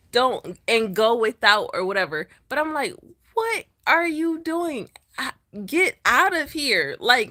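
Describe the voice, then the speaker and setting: A woman, a truck driver vlogging, who tells a personal story in a casual and dramatic way, speaking straight to her viewers and jumping into high voices when she quotes people. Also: sharp tone.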